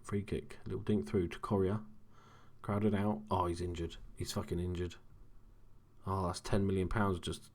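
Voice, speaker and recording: Young male gamer, very low voice, kept quiet and casual late at night. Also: little pitch movement, moderate pace. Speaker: gaming commentator. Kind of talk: casual let's-play commentary.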